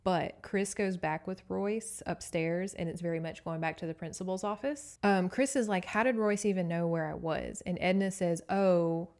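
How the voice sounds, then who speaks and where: Lady podcaster gossiping through a book recap, sassy, cusses a lot, kinda low voice. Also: normal speed, few pauses, a little mellow. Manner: chatty, sassy, swears freely. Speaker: podcast host.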